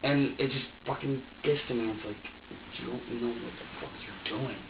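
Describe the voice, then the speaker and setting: A man's voice: medium pitch, steady tone, moderate pace, creaky, background noise. A man in a police interrogation, talking in an agitated, profane rant. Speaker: suspect. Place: interrogation room. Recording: dull echoey room audio from a distant mic.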